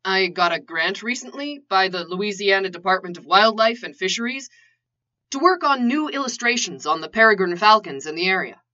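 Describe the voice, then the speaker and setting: Woman reading as relaxed lower man, hesitant, bright tone, dull lo-fi sound. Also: moderate pace. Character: calm, easygoing man, ex-assassin turned illustrator. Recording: lo-fi dull recording.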